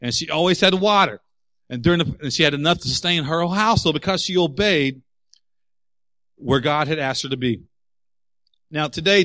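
A man's voice: a little high, a little fast, pauses often, sharp tone, no room sound. A man preaching a sermon as pastor, candid and emphatic, telling personal stories.

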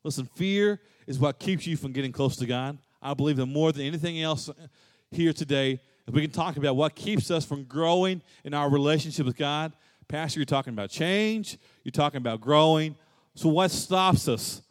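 A man's voice: on the high side, normal speed. Man preaching in an echoing hall. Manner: dynamic preaching, swings from loud emphatic to soft and hushed. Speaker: pastor. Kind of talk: sermon.

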